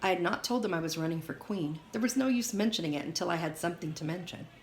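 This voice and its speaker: Low-voiced woman reading a memoir. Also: fast talker. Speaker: audiobook reader. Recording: roomy echo, faint hiss.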